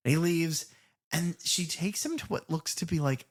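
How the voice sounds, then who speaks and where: A man's voice: a little high, normal speed. A man co-hosting a horror film podcast, talking in a casual, profane and jokey way. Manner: animated, profane, jokey asides. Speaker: podcast co-host.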